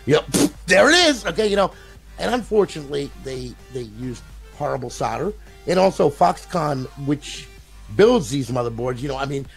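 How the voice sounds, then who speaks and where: A man's voice: on the high side, lively intonation, moderate pace, vocal fry, faint music behind. An older man, a console modder, telling a long story in a casual, rambling way, often repeating his words and swearing.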